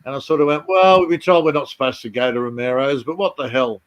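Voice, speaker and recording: A man in casual chat telling army stories in a halting way, with many restarts. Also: mid-range voice, highs cut off. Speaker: chat participant.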